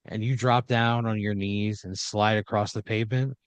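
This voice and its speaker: A man's voice: fairly low pitch, fairly even intonation, moderate pace, smooth, dry recording. A man improvising a second-person story as a podcast storyteller, rambling with uhs and restarts.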